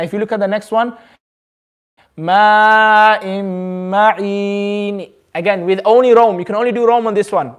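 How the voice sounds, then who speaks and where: A man teaching a community class, patiently drawing out each word slowly, then explaining in quick bursts. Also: high-pitched. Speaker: Quran recitation teacher. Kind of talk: hands-on group lesson.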